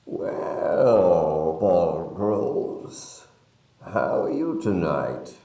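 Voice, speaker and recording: Guy doing a muffled masked villain voice, slow and drawn out, kinda far off the mic. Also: deep voice, very animated, mellow, roomy sound, exaggerated voice. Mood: mock menacing. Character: man doing a masked breathy sci-fi villain voice.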